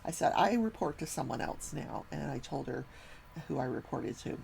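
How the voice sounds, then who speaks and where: An older woman hosting a casual talk show, telling a long workplace story and acting out the people in it with lively, animated quoting. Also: rumbling low, normal speed, gravelly, a little hiss or hum, low-quality recording. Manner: animated, acts out quoted people.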